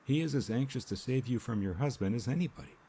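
A man voicing a small, kindly investigator who speaks in a gentle, reassuring way. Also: mid-range voice, lively intonation, fast talker, creaky, slight background noise, pitched above the performer's own voice.

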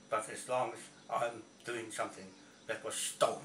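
A man's voice: mid-range voice, flat delivery, normal speed, fairly bright tone. A man ranting angrily to camera, swearing and repeating himself in a confrontational way. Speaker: video blogger. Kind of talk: angry rant to camera. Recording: echoey, from a distance, faint noise.

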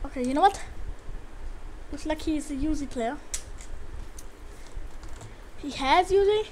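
A woman giving live gameplay commentary, excitable and trash-talking, yelling at opponents and teammates between quieter muttering. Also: high-pitched, unhurried, long pauses. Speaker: gamer commentator.

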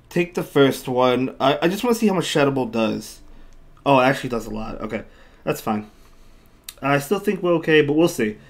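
A man commentating his own online battles on a live stream, chatting with viewers between moves and often repeating himself. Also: mid-range voice. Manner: chatty, reads chat aloud, thanks viewers, repeats himself. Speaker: game streamer.

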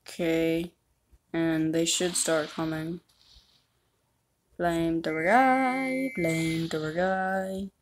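A woman provides gameplay commentary as she plays, chatty and rambling, often poking fun at herself. Her voice is deep and level, her pace slow, with slight background noise in the recording.

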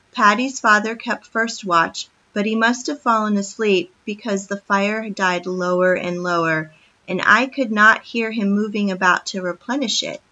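Woman reader, bright and clear, expressive storytelling; lo-fi sound. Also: medium pitch. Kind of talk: reading a children's book aloud. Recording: dull lo-fi recording.

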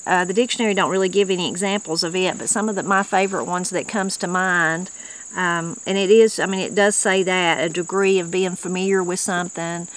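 A woman whose voice is on the low side hosts a casual explanatory talk about regional words, speaking with an Appalachian accent from western North Carolina in a folksy, conversational manner. Now and then she reads a dictionary entry aloud, and the audio quality is poor.

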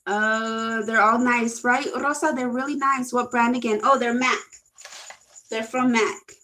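Young woman chatting on a livestream, kinda high voice, excitable, reads out comments as they come in. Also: measured pace. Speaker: livestream host. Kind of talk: casual live chat reading comments.

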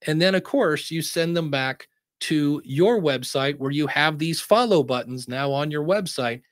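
A man with a slightly high voice talks through podcast growth tips in a relaxed webinar. He keeps it chatty and jumps up in pitch when he acts out what people say. The sound is dry and close, with no room around it. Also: no room sound. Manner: conversational, acts out quotes in a higher voice. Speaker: podcast educator presenting a webinar. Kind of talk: casual webinar talk.

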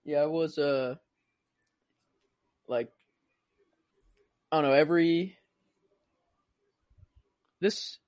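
A male podcast co-host rambles expressively about a movie, stringing thoughts together with "like" and "you know". His voice is fairly high and swoops around a lot. The sound is dry. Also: no echo. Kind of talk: casual film discussion.

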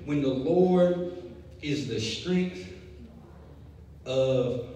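A young man preaching a sermon, telling a lively story before building to emphatic preaching. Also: a little high, extremely slow. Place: church sanctuary. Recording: echoey hall, distant mic, faint noise.

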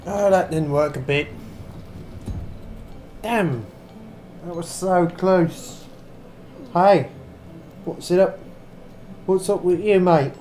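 A man's voice: high-pitched, takes it slowly, pauses often, a little hiss or hum. Tipsy man in a fake British accent. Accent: put-on wandering British accent. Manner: excitable exclamations, swearing, chatting to game characters. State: tipsy from drinking. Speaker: gaming channel host. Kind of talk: VR gameplay commentary.

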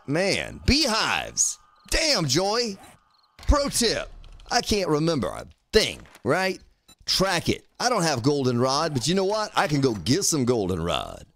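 A man casually commenting on his own gameplay on a live stream, talking to himself, swearing lightly, and thanking viewers by name. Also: fairly high pitch. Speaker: game streamer.

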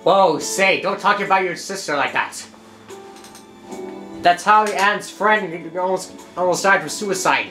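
A woman with a notably low voice chats casually as she plays through a video game. She stumbles and restarts her words often, and game music runs underneath. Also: a little slow, a bit bright, reverberant. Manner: chatty, stumbling over her words, reading game lines aloud. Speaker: gameplay commentator. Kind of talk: casual let's-play commentary.

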